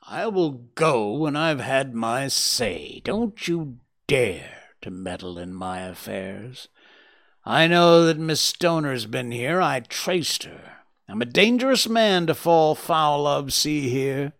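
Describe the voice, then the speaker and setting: A man's voice: medium pitch, animated. A man voicing a snarling brutish old doctor. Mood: threatening. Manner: snarling, threatening, slow and loud. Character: furious menacing old male doctor, huge and brutish. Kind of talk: dramatic audiobook reading.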